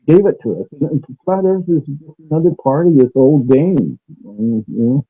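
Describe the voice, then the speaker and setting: A man's voice: mid-range voice, expressive, moderate pace, breathy edge, narrow, tinny audio. A man talking casually over a remote call, hesitant and full of fillers and restarts. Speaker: guest on a call-in talk stream. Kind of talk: casual conspiracy talk. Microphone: remote call audio.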